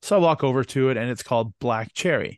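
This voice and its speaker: A man's voice: medium pitch, fast, smooth, no room sound, studio quality. Male co-host with a mid-range voice, a profane, rambling storyteller. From Canada. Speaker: podcast co-host. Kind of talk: casual chat.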